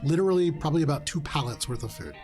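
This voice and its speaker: Slightly high-voiced male game master. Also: rapid-fire, music in the background. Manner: descriptive, relaxed, with frequent fillers. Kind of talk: narrating a tabletop game.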